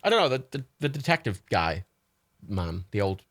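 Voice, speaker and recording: Young male streamer, very animated pitch, bright edge, rambling sweary storyteller, slight hiss on the line. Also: moderate pace, no room sound. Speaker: livestream gamer. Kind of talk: casual gaming stream chat.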